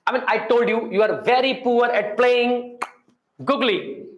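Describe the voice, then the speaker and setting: A man with an Indian English accent teaching a chemistry class, energetic and repetitive, coaxing his students to answer. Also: extremely high pitch, measured pace, reverberant, highs cut off. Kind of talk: classroom lecture.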